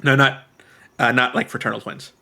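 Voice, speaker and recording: A man's voice: mid-range voice, fairly even intonation, moderate pace, vocal fry, crowd noise. A man running a tabletop game, narrating casually in a hesitant, filler-heavy way. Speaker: game master.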